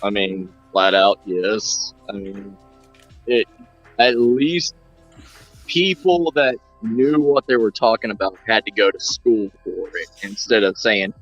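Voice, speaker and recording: A man in casual chat, slow and measured, with hesitant restarts. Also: on the low side, expressive, a bit bright, lo-fi sound, faint music behind. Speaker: podcast co-host.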